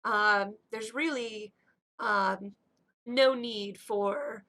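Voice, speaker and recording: A woman's voice: medium pitch, very slow, bright, forceful tone. A woman voicing a pompous, self-satisfied male town master who dismisses worries in a tabletop game.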